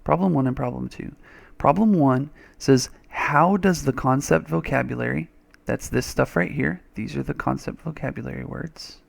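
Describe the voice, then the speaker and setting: A man's voice: medium pitch, moderate pace, gravelly. A man teaching a reading lesson over a screen recording, chatty and thinking aloud, with little playful sound effects.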